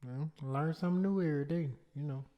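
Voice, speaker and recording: A man's voice: on the high side, quick pace, dull audio. A man co-hosting a casual podcast, laid-back and reflective, laughing easily. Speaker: podcast co-host.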